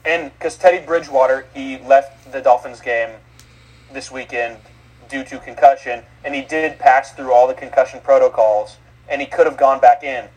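A man's voice: medium pitch, fairly even intonation, moderate pace, darkish tone, rough recording. A man co-hosting a sports podcast, recounting games in a rambling way full of filler words. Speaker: co-host. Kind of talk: casual sports podcast chat.

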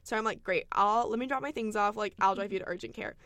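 A woman's voice: mid-range voice, quick pace, a bit bright, no echo. A young woman, telling a funny story as a podcast co-host and laughing often. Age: young adult. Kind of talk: casual storytelling chat.

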